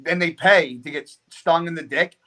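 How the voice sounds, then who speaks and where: Profane, animated storytelling man. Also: on the high side, normal speed. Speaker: podcast guest. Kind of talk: casual storytelling.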